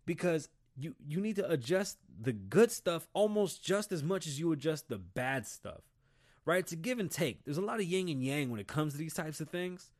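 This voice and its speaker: A man's voice: on the high side, darkish tone. A middle-aged man hosting his own show, giving a casual, blunt motivational talk and swearing freely. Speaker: show host.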